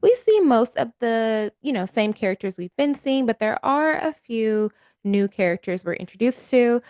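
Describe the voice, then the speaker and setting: A woman's voice: medium pitch, darkish tone, clear, resonant tone, dry recording, studio quality. A young woman co-hosting a podcast, casually walking through a list of characters with an easygoing "you know". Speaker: podcast co-host. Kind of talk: casual recap chat.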